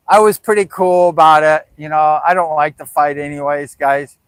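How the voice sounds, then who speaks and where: An older man with a fairly high voice tells a long story in a loose, rambling way. He gets lively when he acts out what other people said, and his voice is heard close and dry with no room sound. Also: moderate pace, clear, resonant tone, no echo, low-quality recording. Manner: rambling, chatty, animated when quoting others. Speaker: host. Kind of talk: casual storytelling.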